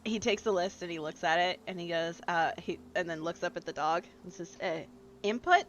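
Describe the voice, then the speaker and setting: A game master narrating a tabletop game, halting often with fillers and restarts. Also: mid-range voice, steady tone, fairly bright tone, lo-fi sound, slight background noise. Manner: hesitant narration with many fillers.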